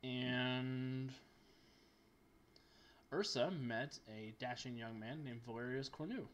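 A man narrating as game master in a tabletop game, lively and joking. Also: medium pitch, slow pace, slight background noise. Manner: animated and joking.

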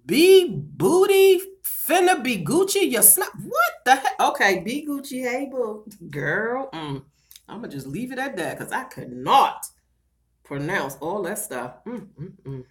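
A middle-aged livestream vlogger from Baltimore, USA, speaks in a mid-range, very animated voice that's a little slow and a bit bright. Chatty and sassy with a Baltimore accent, she calls her viewers girl and child on the casual stream.

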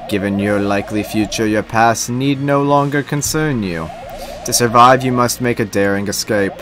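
A man's voice: medium pitch, normal speed, background noise, lightly acted. A man reading a stately woman guide in a game. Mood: formal. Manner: formal, proclamatory reading.

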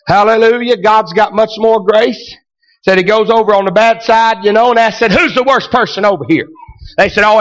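High-pitched preacher, shouting. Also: male voice, dull audio. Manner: storytelling that builds to shouted preaching. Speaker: pastor. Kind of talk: sermon.

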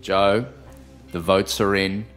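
Low-voiced deadpan podcast host, a man. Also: slow pace, soft background music. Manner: deadpan, teasing. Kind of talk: casual podcast banter.

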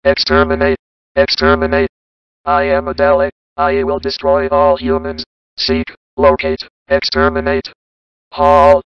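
A performer voicing a cold, menacing alien war machine through a robot filter, speaking in harsh, clipped, monotone commands. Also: very deep voice, measured pace, smooth, dry recording, muffled recording.

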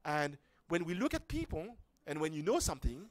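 A man's voice: fairly high pitch, very animated, brisk, no echo. A man giving an informal lecture to a workshop class, talking casually with restarts and asides. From France. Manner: conversational, rambling with restarts and rhetorical questions.

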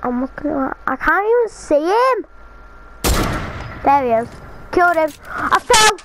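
A young woman chatting casually while playing an online game, excitable and jumpy, with squealing reactions. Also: very high voice, unhurried, noisy background. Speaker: gamer. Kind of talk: casual gaming chat.

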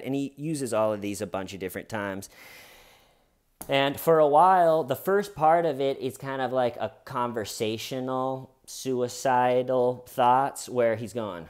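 A man with a middle-pitched voice, hosting comedic true crime commentary. He talks in an animated, loose way and keeps slipping into short impressions of the people in the story. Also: measured pace, clear, resonant tone. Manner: animated, acts out every quote.

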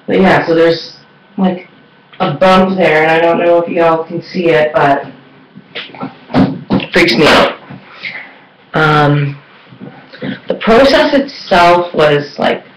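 A woman's voice: sits low, slow, pauses often. Woman rambling on about her hair, lots of likes and ums, roomy echo. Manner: chatty and rambling, many fillers. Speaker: beauty vlogger. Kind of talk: casual vlog chat. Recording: echoey room.

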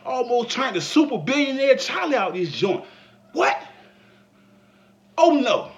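A man giving a comedic commentary vlog, laughing and breaking into mock shouts. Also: very high voice, very animated, normal speed, pauses often, muffled recording. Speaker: vlogger.

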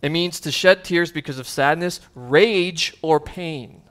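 A man's voice: on the high side, a little slow, a bit bright. A man preaching a sermon as pastor, earnest and conversational, with casual asides and fillers.

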